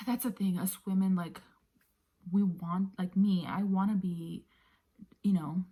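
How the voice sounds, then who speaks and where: A woman vlogger casually telling a personal story, often sinking into a breathy near-whisper, with many fillers. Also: medium pitch, steady tone, slow, warm tone. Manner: conversational with many fillers like "you know".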